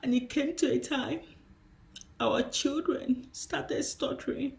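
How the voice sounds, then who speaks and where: A woman's voice: high voice, slow pace, gravelly, a little mellow. A woman preacher giving a spiritual teaching, impassioned and emphatic, repeating her key phrases.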